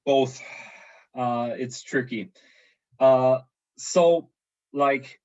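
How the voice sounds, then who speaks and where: A man's voice: medium pitch, highs cut off. A man teaching a university language lesson online, explaining at length with many fillers and restarts.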